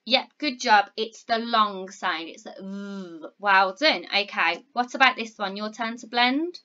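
Bright slow-spoken teacher woman. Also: mid-range voice, lo-fi sound. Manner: encouraging, slow and clear, sounding out words. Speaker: primary school teacher. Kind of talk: recorded phonics lesson for young children.

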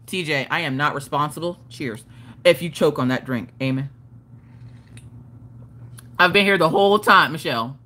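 A woman's voice: sits low, normal speed, pauses often, sharp tone. A woman hosting a casual craft livestream, rambling and joking with chat, often laughing and swearing. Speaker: livestream host.

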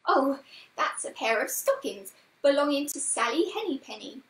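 A woman's voice: high voice, very animated, normal speed, roomy sound, recorded from a distance, low-quality recording. Woman doing a fussy hedgehog washerwoman. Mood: chatty, fussing. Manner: chatty, homely and fussing.

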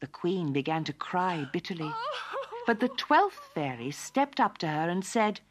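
A woman narrating a fairy tale for children in an expressive, lilting storytelling manner. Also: lowish voice, a little slow.

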